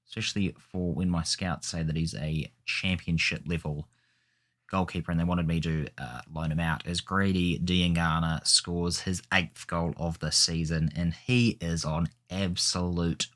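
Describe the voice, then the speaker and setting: Deep-voiced male gaming host; loose, rambling play-by-play chatter. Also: fairly even intonation, measured pace, a bit bright. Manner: chatty, rambling, self-correcting. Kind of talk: casual gameplay commentary.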